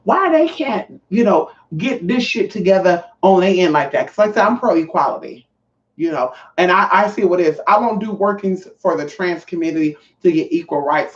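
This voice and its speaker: A trans woman vlogger telling a story to her viewers in a sassy, profane way, calling them honey and y'all. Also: fairly low pitch. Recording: echoey, distant, dull sound.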